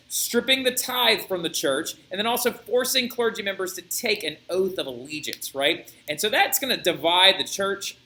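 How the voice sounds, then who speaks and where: A young male history teacher giving a video lecture, telling the story in an animated way and often checking in with "right?". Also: high-pitched, poor audio. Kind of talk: flipped-classroom video lecture.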